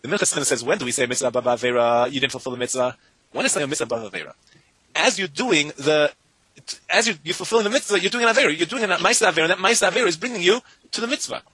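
A man teaching a Talmud class to students, animated and talking in rapid bursts, chanting the Hebrew and Aramaic texts in a sing-song lilt. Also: fairly high pitch, breathy edge, no room sound, low-quality recording.

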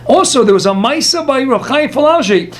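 A man with an unusually high voice gives a Torah class. He reads lines from Hebrew texts and puts them into plain English. He tells stories in a lively way and throws quick asides to the room. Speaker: rabbi teaching a class.

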